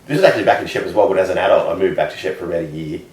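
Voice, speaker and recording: Deep-voiced Australian man telling a rambling story. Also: racing, a little mellow, reverberant, far from the mic, poor audio. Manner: rambling anecdotes with laughs. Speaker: comedian guest. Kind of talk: casual chat, storytelling.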